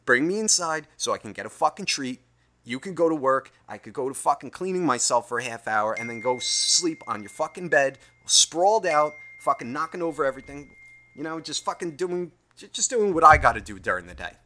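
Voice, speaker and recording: A man's voice: on the high side, lively intonation, a little fast, bright, forceful tone, slight background noise. A man voicing a smug, sassy pet dog. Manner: smug, profane backtalk.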